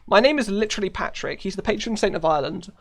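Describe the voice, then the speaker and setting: Chatty British man streaming, slightly high. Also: lively intonation, quick pace. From United Kingdom. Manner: chatty, rambling, many fillers, laughs often. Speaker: live streamer. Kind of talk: casual live-stream commentary while playing.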